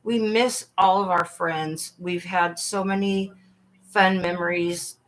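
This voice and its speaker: A woman hosting a casual livestream chat, talking earnestly and haltingly with frequent restarts. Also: lowish voice, steady tone, a bit bright, a little hiss or hum. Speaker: livestream host.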